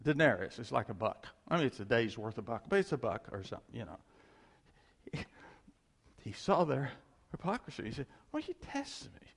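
A male preacher giving a conversational, animated sermon and often chuckling as he talks. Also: medium pitch, brisk, gravelly, long pauses, slightly rough.

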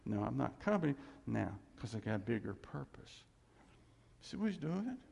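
A man preaching a sermon as a pastor, animated, acting out quotes and laughing often, in an echoey church hall. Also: mid-range voice, normal speed, gravelly, slightly rough.

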